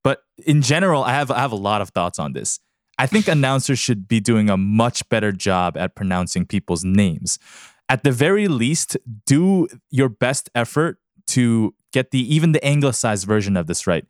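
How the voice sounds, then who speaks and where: A man's voice: mid-range voice, lively intonation, moderate pace, no echo, clean studio sound. A man in casual podcast chat as the show's producer, emphatic and opinionated, laughing often.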